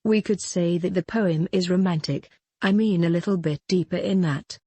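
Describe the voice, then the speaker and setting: Low, husky-voiced woman teaching poetry. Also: mellow, dry recording. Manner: slow, deliberate scansion of verse. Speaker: literature teacher. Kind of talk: poetry lesson.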